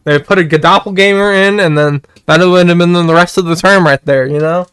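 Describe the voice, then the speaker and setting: Young male streamer, slightly high, smooth voice, excitable rant, dry close mic. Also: a little fast, no echo. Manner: excitable, repetitive, swears and shouts when worked up. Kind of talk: casual political rant to chat.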